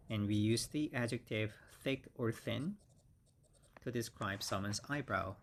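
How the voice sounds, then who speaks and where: A man teaching English vocabulary, speaking slowly and patiently and repeating each word several times; his first language is Korean. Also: on the low side, slight background noise. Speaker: English instructor. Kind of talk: slow vocabulary lesson with repeated words.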